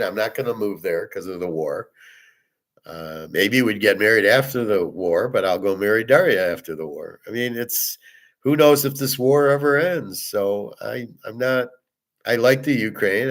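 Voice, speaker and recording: A middle-aged man hosting a casual monologue, telling a personal story in a blunt, profane way. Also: fairly low pitch. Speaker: host.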